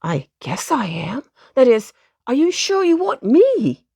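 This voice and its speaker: Woman doing a fretful old gentleman rabbit, timid, rising voice, slow, a bit gravelly. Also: sits high, wildly swooping pitch, no echo, exaggerated voice.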